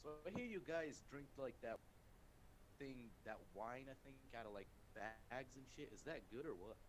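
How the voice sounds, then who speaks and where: A man's voice: medium pitch, lively intonation, moderate pace, noisy background. A man in casual stream chat, blunt, profane and teasing.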